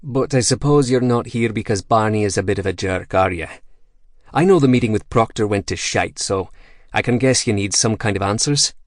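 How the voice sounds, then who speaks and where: Man doing a gruff foul-mouthed dwarf boss with a thick brogue. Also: lowish voice, moderate pace, no echo, clean studio sound, natural voice. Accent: put-on Scottish brogue. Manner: profane, menacing, jovial.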